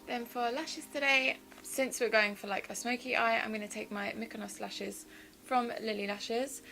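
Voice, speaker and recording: A woman's voice: a little high, pushed and bright, low-quality recording. Chatty woman over music. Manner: chatty, enthusiastic, walks through each step. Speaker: beauty vlogger. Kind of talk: casual makeup tutorial narration. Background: background music.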